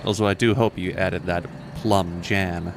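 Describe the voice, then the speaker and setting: A man's voice: fairly even intonation, a little slow, vocal fry. A man with a somewhat American accent, commentating his gameplay on a live stream with profane, wry asides. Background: game sounds and rumble.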